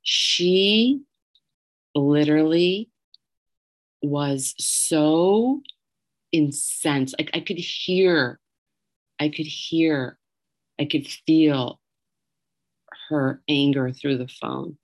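A woman's voice: sits low, extremely slow, long pauses. A middle-aged woman telling a candid, emotional personal story and swearing freely as she goes.

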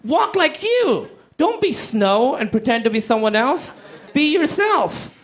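Guy doing stand-up, high voice that jumps all over, swearing and acting out the people in the story. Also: a little slow. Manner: animated, acts out quotes in silly voices, swears freely. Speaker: stand-up comedian.

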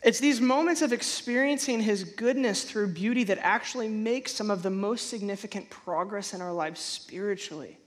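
A man preaching a sermon in a conversational way, stumbling and restarting often, then bursting out loudly when he acts out a feeling. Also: sits high, normal speed, few pauses. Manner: animated, conversational, frequent restarts and stammers. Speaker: pastor.

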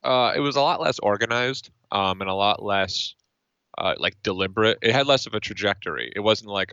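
Male band guest, low bright voice, dry muffled lo-fi audio, thoughtful and meandering. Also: brisk, clear, resonant tone, no room sound. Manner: thoughtful, lots of fillers and restarts. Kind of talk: casual interview. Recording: dull, dry lo-fi sound.

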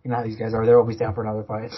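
A man's voice: on the low side, steady tone, very fast, slightly rough, highs cut off. A man co-hosting a casual sports podcast, rambling with many fillers and restarts. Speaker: podcast co-host.

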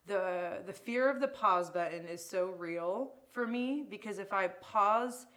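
Brief: a woman guest, a salon owner, heartfelt and rambling, mid-pitched everyday voice. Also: measured pace, fairly bright tone. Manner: emotional, rambling, many restarts. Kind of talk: casual interview chat.

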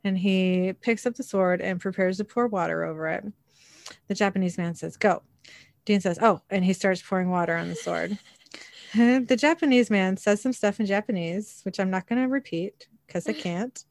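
Woman host, mid-pitched, dry close sound, brisk scene-by-scene recap. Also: creaky, darkish tone, dry recording. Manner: narrates scenes and quotes lines in a light voice. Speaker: podcast host recapping an episode. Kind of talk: casual recap with read-out scene narration.

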